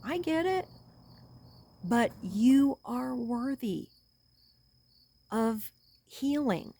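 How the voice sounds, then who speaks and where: A woman giving an earnest, animated pep talk to her viewers, calling them honey. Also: a little high, drawn-out words, vocal fry. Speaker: self-help vlogger. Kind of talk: encouraging talk to camera.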